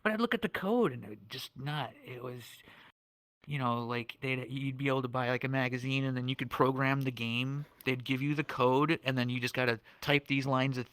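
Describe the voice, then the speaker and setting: A man's voice: medium pitch, a little fast, fairly bright tone, dry recording. A man on a podcast, chatting casually as a guest about building game worlds, often repeating words and tagging "right?" on his sentences.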